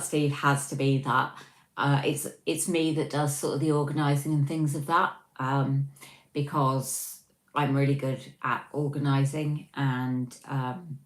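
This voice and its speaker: A Scottish woman with a low voice hosts a casual livestream, reading chat messages aloud and answering them in a chatty, self-mocking way full of ums. The low-quality recording sounds echoey, as if in a reverberant room.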